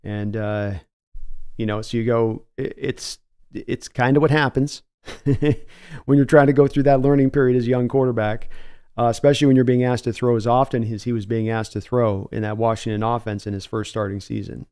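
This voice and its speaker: A man hosting a casual live stream, thinking aloud as he answers viewer comments. His voice is warm and mellow, with a smooth, clean tone. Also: mid-range voice, steady tone, moderate pace. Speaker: podcast host.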